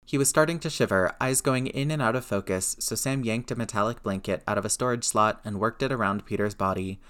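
A man reading a story aloud, narrating in an even, steady way. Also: lowish voice, fairly quick, clean tone. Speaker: reader. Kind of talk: reading fan fiction aloud.

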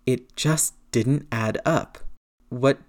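A man narrating a story aloud in a steady, measured reading voice. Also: on the low side.

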